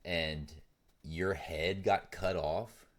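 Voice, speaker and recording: A man in his mid-twenties chats loosely on a podcast, his voice extremely deep. He rambles, laughs a lot and swears with ease into his desk mic. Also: steady tone, extremely slow. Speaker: podcast co-host. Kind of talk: casual chat. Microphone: desk mic setup.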